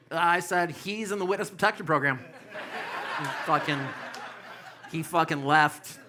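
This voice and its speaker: A man in his fifties rambles through a stand-up set with a bright, forceful edge to his voice. His delivery is loose and full of fillers and curses, and a faint hum of room noise sits behind him. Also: on the high side. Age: 50s. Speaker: stand-up comedian. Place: comedy club stage.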